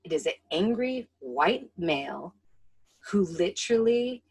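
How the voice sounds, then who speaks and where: Animated husky woman chatting. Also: on the low side, measured pace. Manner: animated and profane, acts out quotes. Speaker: podcast co-host. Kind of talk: casual chat about a film.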